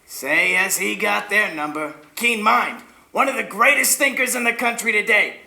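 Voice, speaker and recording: An actor playing a pompous, fussy factory boss in a stage musical, with a gravelly voice, recorded in an echoey hall. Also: male voice, sits high, moderate pace, pushed and bright, full character voice. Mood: blustering. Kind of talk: amateur stage musical acting.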